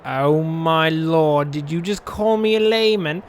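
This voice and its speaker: Higher-pitched male streamer, playful and rambling, reading a text game with jokey asides. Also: slow pace.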